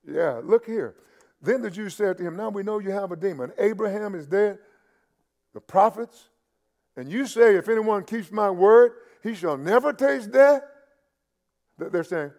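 A man preaching a sermon in a high voice with a gravelly, fried edge. He often stumbles over and repeats words, then builds to loud, emphatic peaks. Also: lively intonation, unhurried, pauses often. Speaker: pastor.

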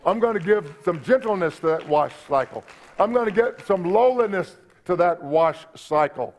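A man's voice: sits high, expressive, normal speed, a little mellow. A man preaching a sermon as pastor, folksy and humorous, repeating his points and talking to the congregation. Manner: preaching with repetition and audience asides. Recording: dull lo-fi church recording.

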